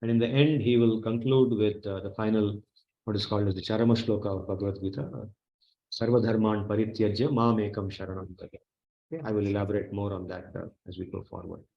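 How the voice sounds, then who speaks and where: A man with an Indian English accent giving a spiritual lecture, explaining with everyday examples and often pausing to say "okay". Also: on the low side, steady tone, gravelly. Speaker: Gita teacher. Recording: echoey, dull lo-fi room sound.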